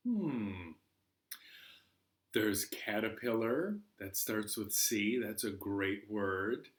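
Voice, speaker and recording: A man leading a children's library storytime, talking gently and singing simple songs with a banjo. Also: medium pitch, roomy sound.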